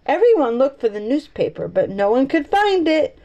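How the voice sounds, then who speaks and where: A woman's voice: sits high, sing-song, normal speed, warm tone, highs cut off. A woman reading a chapter book aloud, playful, adding teasing asides between passages. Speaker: storybook reader.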